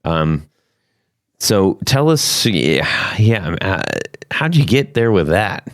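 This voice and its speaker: A man's voice: low-pitched, very animated, takes it slowly, no echo, clean studio sound. A man hosting a casual podcast interview, jokey and enthusiastic, prone to big laughs. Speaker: podcast host.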